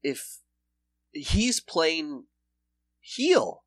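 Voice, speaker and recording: A man's voice: a little high, big pitch swings, extremely slow, no room sound, clean studio sound. Laid-back man on a comedy podcast. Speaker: podcast co-host. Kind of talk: casual comedic chat.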